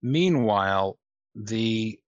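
Slow, low-voiced game master. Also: male voice, lively intonation, no echo, lo-fi sound. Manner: unhurried, hesitant, casual swearing. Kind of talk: narrating a tabletop game.

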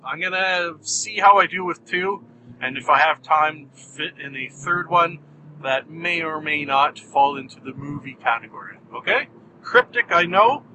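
A man hosting a solo podcast, talking in a wry, deadpan, self-mocking way with jumpy, animated delivery. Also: a little high, slight background noise, poor audio. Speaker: podcast host.

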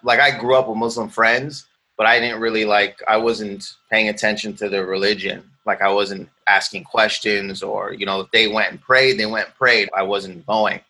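A Canadian man, an actor, talking casually in an interview and acting out quoted exchanges with lively laughs. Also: on the low side, normal speed. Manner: animated storyteller, acts out quoted exchanges, laughs often. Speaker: actor guest.

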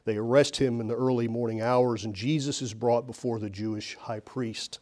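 A man's voice: mid-range voice, fairly even intonation, normal speed, darkish tone. A man preaching a sermon as pastor, telling the story with emphatic, rising and falling delivery. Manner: emphatic storytelling, voice rises and falls.

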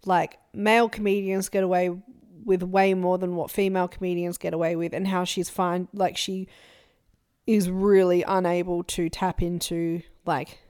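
A woman's voice: lowish voice, moderate pace, smooth. A young woman co-hosting a podcast, chatting casually and animatedly about influencer drama. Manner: animated, quotes people in put-on voices. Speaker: podcast co-host. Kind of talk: casual gossip chat.

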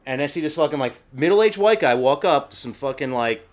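A man from New Jersey, a comic book artist and podcast guest, talking loudly and excitedly in casual chat and swearing freely. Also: a little high, normal speed. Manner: loud, excitable, swears a lot.

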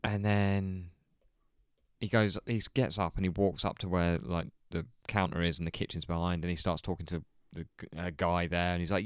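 A man telling a story in casual chat, animated, swearing and laughing often. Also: low-pitched, moderate pace, clear, resonant tone, no room sound, studio quality. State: hungover. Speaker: podcast co-host telling a story.

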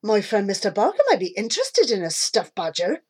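A woman doing a gruff, blunt farmer. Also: medium pitch, huge pitch swings, fairly quick, darkish tone. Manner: blunt, clipped. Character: gruff, harsh farmer man.

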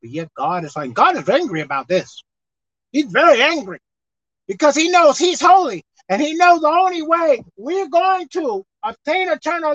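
A man preaching a fiery sermon, repeating lines for emphasis, reading scripture slowly, and breaking into shouts. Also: extremely high pitch, sing-song, dry recording. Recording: dull lo-fi dry recording.

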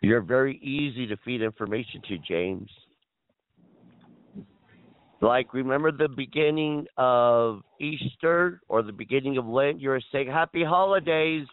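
A man's voice: medium pitch, moderate pace, few pauses, dry recording. A man on a chat line, lecturing the other caller and repeating his name over and over. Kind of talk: heated phone argument. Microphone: phone. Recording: tinny phone line.

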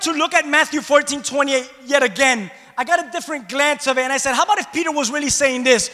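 A man preaching a sermon to his congregation, impassioned and rising to shouts at the peaks, questioning the room. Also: very high-pitched, fast, hardly any pauses, long reverb tail. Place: church hall.

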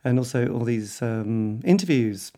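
A man's voice: mid-range voice, expressive, measured pace, dark tone, no room sound. A man from England hosting a radio show, chatty, polite and eager. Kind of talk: radio interview and sign-off.

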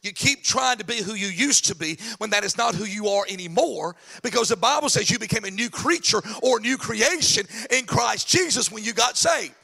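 A man preaching a lively sermon, swinging from shouted, chanted lines to soft asides. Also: sits high, brisk, vocal fry, few pauses. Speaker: pastor. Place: church sanctuary.

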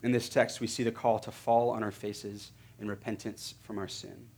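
A man's voice: on the low side, level tone, moderate pace, a little mellow, slightly rough. A man preaching a sermon as pastor, earnest and building to emphatic, repeated phrases.

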